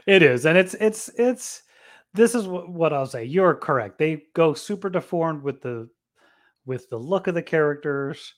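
A man's voice: a little high, animated, measured pace. A man in his thirties co-hosting a podcast, chatting casually in a playful, enthusiastic, teasing way. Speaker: podcast co-host. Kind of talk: casual chat.

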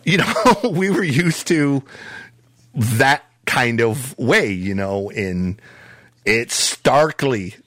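A podcast host, a man, tells a story in loose casual chat and keeps reaching for "uh" and "you know" as he goes. His voice sits at an everyday middle pitch. The recording is close and dry, with no room sound. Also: expressive, very slow, a bit bright, no room sound. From Michigan. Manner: rambling, lots of "uh" and "you know".

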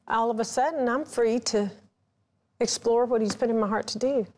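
A woman's voice: fairly high pitch, fairly even intonation, normal speed, a little mellow, a little hiss or hum. A woman author, a guest on a Christian talk show, speaking earnestly as she teaches and leads a prayer.

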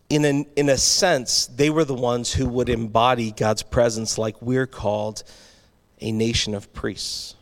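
A male pastor delivering a sermon in a conversational way, with restarts and asides to the congregation. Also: medium pitch.

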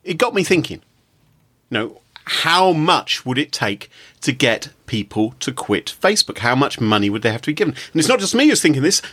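A man's voice: mid-range voice, no room sound. A man with a British accent hosting a podcast, telling stories in a jokey, casual way. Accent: British English. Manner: jokey, lively storyteller. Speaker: podcast host. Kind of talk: casual chat.

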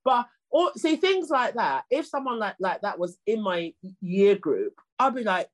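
A middle-aged woman, a guest on a podcast, telling stories in a relaxed, humorous and animated way, often repeating words as she starts a sentence. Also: mid-range voice, a little slow, few pauses. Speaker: guest, clean air campaigner. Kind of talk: casual storytelling in conversation.

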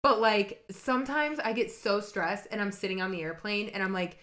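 A woman's voice: medium pitch, moderate pace, hardly any pauses, fairly bright tone. A woman co-hosting a podcast in casual chat, reacting with jokes and dramatic asides. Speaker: podcast co-host.

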